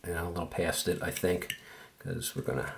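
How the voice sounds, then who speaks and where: A man with a very low voice walks through a hands-on tutorial in an unhurried, easygoing way, thinking aloud as he works. Faint clicks of tools sit behind him. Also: creaky, background noise. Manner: relaxed, easygoing, thinks aloud while working. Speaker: woodcarving instructor. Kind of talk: casual step-by-step tutorial.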